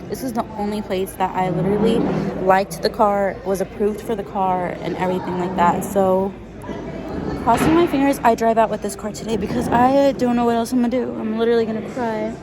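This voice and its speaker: A woman's voice: medium pitch, fairly quick. A young woman vlogging casually to her phone while car shopping, chatty and a little tired, saying "like" and "guys" often. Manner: chatty, excited, lots of "like" and "guys". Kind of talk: casual vlog to camera. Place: car dealership lots and showrooms. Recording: phone video with loud background noise. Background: kids playing and people talking.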